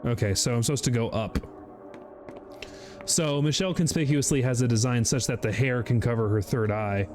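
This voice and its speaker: A man streaming a game, giggling often, swearing, and breaking into sudden high shrieks as he comments to chat. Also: moderate pace, music in the background. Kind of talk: gaming livestream commentary.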